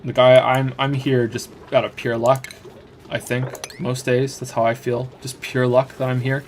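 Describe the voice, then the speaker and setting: A man's voice: mid-range voice, monotone, unhurried, a little hiss or hum. A man casually answering chat questions on a live stream while playing a game, rambling with frequent restarts and fillers.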